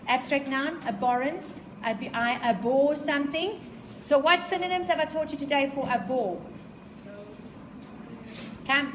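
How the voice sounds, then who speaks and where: South African woman teacher, high voice, emphatic and repetitive, lecturing a class. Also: a bit bright, echoey room, a little hiss or hum, rough recording. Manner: emphatic, repeats points, quizzes the class.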